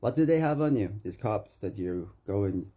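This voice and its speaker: A man's voice: lowish voice, animated, normal speed, mellow. A Canadian man delivering an agitated, profane rant to the camera, accusing someone and repeating his name.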